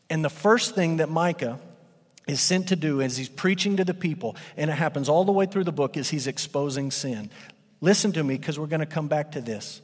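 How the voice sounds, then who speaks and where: Pastor guy preaching, kinda high voice, long reverb from the hall. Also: brisk. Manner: emphatic, rising and falling for effect. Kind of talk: sermon.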